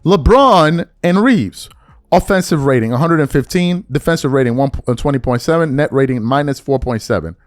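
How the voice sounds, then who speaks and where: A man's voice: mid-range voice, expressive, normal speed, no echo, studio quality. A man hosting a sports podcast, ranting heatedly and slangily with mocking impressions of fans. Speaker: podcast host. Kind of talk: heated sports commentary rant.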